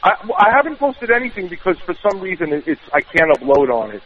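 A man's voice: sits high, sing-song, quick pace. A man with a New York accent calling in to a radio show, talking hesitantly with many filler sounds. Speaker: caller. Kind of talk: call-in radio chat. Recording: tinny distant phone line.

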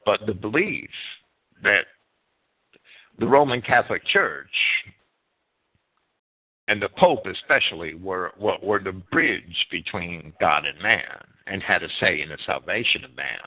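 A man's voice: low-pitched, lively intonation, a little slow, pauses often, slightly rough. A man reading a church-history presentation like a sermon, stumbling and repeating words as he reads a script. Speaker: preacher. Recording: tinny phone-like sound.

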